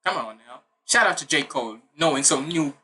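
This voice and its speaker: Bright-voiced man ranting in a casual reaction. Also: fairly high pitch, lively intonation, brisk. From Jamaican heritage. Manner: blunt, ranting, swears freely. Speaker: music reaction host.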